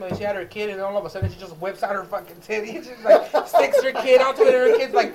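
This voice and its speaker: A man's voice: high-pitched, fast, crowd noise, low-quality recording. A young man co-hosting a podcast in casual chat, crude and laughing as he rambles. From Mexican heritage. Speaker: podcast co-host.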